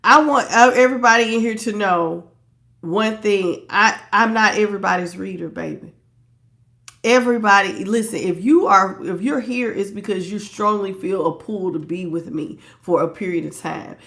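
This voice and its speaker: Past her young years, this woman runs a tarot live stream with a medium-pitched, slightly bright voice at normal speed. She's playful and laughs a lot, welcoming viewers by name and addressing them as "baby" and "child."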